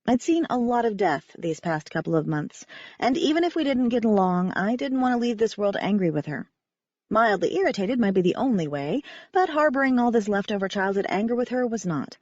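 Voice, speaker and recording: A woman reading a first-person audiobook in a wry, expressive narration. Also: mid-range voice, brisk, no room sound, highs cut off.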